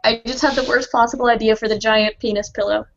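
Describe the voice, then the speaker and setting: A woman's voice: fairly high pitch, fairly even intonation, fast, a little hiss or hum. A woman in casual group chat, blunt and bawdy in her joking. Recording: dull lo-fi audio.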